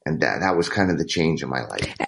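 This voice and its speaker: A man's voice: rumbling low, sing-song, quick pace, vocal fry, fairly bright tone. A man as a guest telling a candid personal story in a conversation, rambling with restarts and acting out quoted dialogue.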